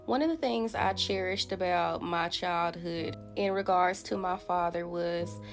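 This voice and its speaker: A woman tells an earnest, reflective story to camera in a lowish voice with a gravelly fry. Faint guitar music plays behind her. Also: measured pace.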